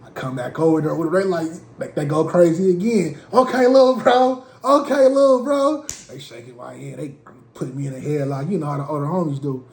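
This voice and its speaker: A man from Portland telling a comic story in an animated, slangy way. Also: on the high side, a little fast, vocal fry. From Portland, USA. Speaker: comedic storyteller. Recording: roomy with faint ambience.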